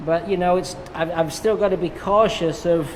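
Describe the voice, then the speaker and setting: An English man, a hairstylist, talking a viewer through a haircut in a relaxed, chatty way with joking asides. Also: high-pitched, normal speed. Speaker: hairstylist and educator. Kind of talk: live haircut tutorial commentary. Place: hair salon. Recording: echoey salon with background noise.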